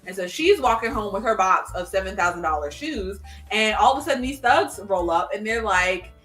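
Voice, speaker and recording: A young adult woman in casual chat, retelling a show's plot in an animated way and acting out characters' lines in quick voices. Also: medium pitch, soft background music. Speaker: podcast co-host.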